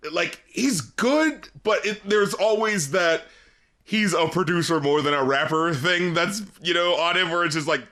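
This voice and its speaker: A man co-hosting a music podcast, rambling through stories and laughing loudly. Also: a little high. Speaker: podcast co-host. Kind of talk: casual chat about music.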